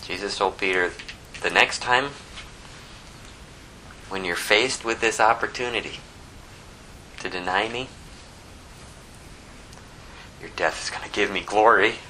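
Male pastor preaching; bright, forceful tone, lowish pitch. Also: measured pace, long pauses, a little hiss or hum, poor audio. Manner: animated, quotes scripture in a rising voice, prays softly. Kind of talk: sermon with scripture reading.

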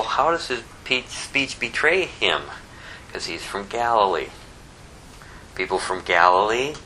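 A man preaching a sermon in a conversational, animated way, acting out the lines he quotes. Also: mid-range voice, slight background noise, poor audio. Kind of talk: expository sermon.

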